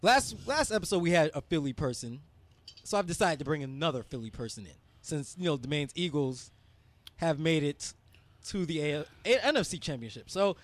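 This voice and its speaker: A man's voice: fairly high pitch, expressive, brisk. A man hosting a casual studio talk show, joking and laughing often. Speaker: host.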